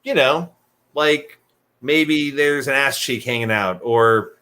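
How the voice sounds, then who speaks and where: A young man telling stories in casual chat, lively, acting out the voices of the people in them. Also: mid-range voice, slow pace, clean tone. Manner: animated, acts out voices in his stories. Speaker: podcast guest telling stories.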